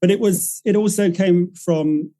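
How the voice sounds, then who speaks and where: A man's voice: sits high, fairly even intonation, a little slow, warm tone, poor audio. A man, a writer-director guest on a podcast, telling a story in a rambling, self-correcting way and acting out the voices of the people he quotes. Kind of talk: casual podcast interview.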